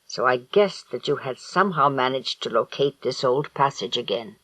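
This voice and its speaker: A man's voice: mid-range voice, expressive, sharp tone, slightly rough, no echo, rough recording. A man reading an audiobook, voicing a cold, vengeful evil sorcerer with a harsh, grating voice. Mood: menacing. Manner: slow, menacing, gloating.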